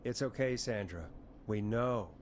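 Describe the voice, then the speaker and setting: An actor playing a calm, patient late-night radio DJ in a video game. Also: male voice, medium pitch, a little slow, slight background noise, lightly acted. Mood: soothing.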